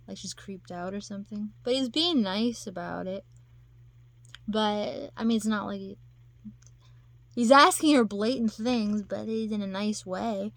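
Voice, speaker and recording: A woman chatting casually to her camera, rambling and circling back with many fillers and restarts. Her voice sits at an ordinary pitch with a gravelly, creaky edge. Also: fairly even intonation, unhurried, long pauses, dry recording. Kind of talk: casual chat.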